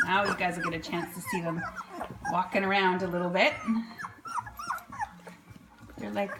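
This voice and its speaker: A woman's voice: medium pitch, fairly even intonation, normal speed, long pauses, very noisy. A woman breeder chatting to her puppies in cooing baby talk, laughing often, indoors at a whelping pen. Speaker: dog breeder. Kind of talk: casual vlog narration.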